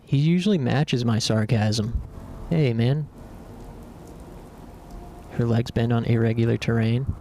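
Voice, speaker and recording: Gravelly, mellow male streamer, casual gameplay commentary. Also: mid-range voice, measured pace, long pauses, slight background noise.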